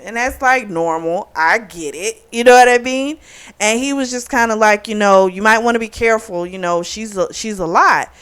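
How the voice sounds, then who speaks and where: A woman's voice: mid-range voice, clean tone. A woman hosting a book club channel, casually recapping a novel and acting out the characters' lines with frequent fillers. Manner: chatty, retells scenes with quoted dialogue and laughs.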